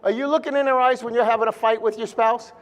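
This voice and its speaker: High-voiced man joking to a seminar crowd. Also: fairly even intonation, quick pace. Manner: blunt, joking, peppered with mild swearing. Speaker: speaker at a chiropractic seminar. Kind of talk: live seminar talk to an audience.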